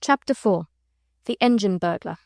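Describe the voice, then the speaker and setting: A woman narrating a classic children's novel as an audiobook, in a gentle storytelling manner. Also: mid-range voice, animated, normal speed, creaky, no echo, studio quality. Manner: gentle storytelling, voicing children and adults lightly. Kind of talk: scripted narration.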